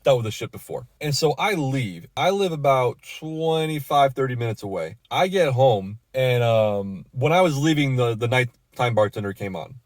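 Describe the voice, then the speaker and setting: Bar-manager type, male, mid-pitched, rambling and profane as he tells a story, recorded dry. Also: lively intonation, normal speed, few pauses, no echo. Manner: casual and profane, with many fillers and restarts. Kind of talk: storytelling rant.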